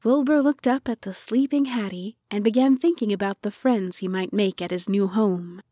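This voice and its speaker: A woman narrating a children's audiobook in a slow, gentle storytelling manner. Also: medium pitch, dry recording, clean studio sound.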